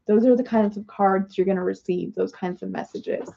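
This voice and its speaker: A woman hosting a livestream who chats on in a rambling, apologetic way. Her voice is mellow and dark with a gravelly fry, and it comes through a somewhat dull, lo-fi recording. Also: mid-range voice, steady tone, moderate pace. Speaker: livestream host doing oracle card readings. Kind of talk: casual livestream chat.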